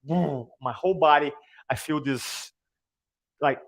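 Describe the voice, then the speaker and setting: A man in his forties coaches an audience on public speaking in a motivational seminar style. His voice sits slightly high, and he talks with energetic, emphatic repetition. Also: normal speed.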